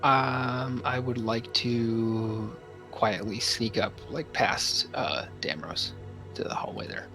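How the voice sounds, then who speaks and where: A man playing a tabletop roleplaying game, eager and excitable, laughing often. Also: medium pitch, takes it slowly, faint music behind. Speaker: player.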